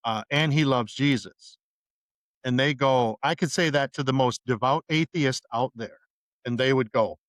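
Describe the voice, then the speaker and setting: A man's voice: medium pitch, fairly bright tone, dry recording. Wry podcast co-host man. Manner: wry, argues points by playing both sides. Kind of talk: casual podcast chat.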